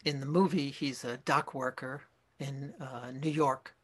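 A Zen teacher giving a dharma talk, speaking in a slow, reflective way with pauses and self-corrections. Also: male voice, medium pitch, steady tone, husky.

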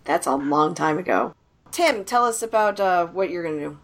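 A woman's voice: fairly low pitch, lively intonation, normal speed, fairly bright tone. A woman co-hosting a casual podcast chat, teasing and laughing often. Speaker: podcast co-host.

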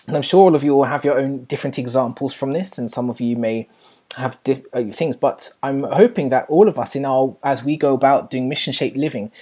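A woman with an unusually low, mellow voice gives an earnest church teaching. Her tone is a little husky, and she speaks encouragingly, trailing into fillers and quick self-corrections.

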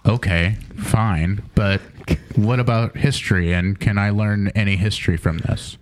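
A married man reading a comic poem in a deadpan voice, apologizing as he breaks into laughter. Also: lowish voice, a little slow. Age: adult, married. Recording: noisy background.

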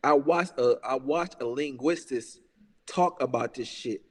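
A man's voice: medium pitch, unhurried, long reverb tail. A man ranting in a heated, casual podcast chat. He is profane and emphatic, repeats himself and keeps saying "bruh". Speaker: podcast talker.

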